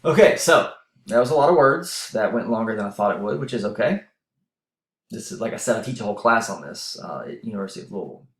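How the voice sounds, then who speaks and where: A fast-talking, animated university instructor with a voice on the low side teaches in a casual, explanatory way, peppered with fillers and restarts, and sounds out of breath. The recording is a lecture voice-over done on a voice-over mic with a roomy sound.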